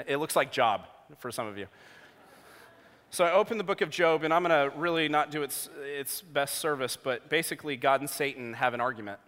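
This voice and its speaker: A man in his thirties preaching a sermon, telling a personal story with jokey asides, going from hushed to loud. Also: a little high, normal speed. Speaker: pastor. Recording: long hall reverb.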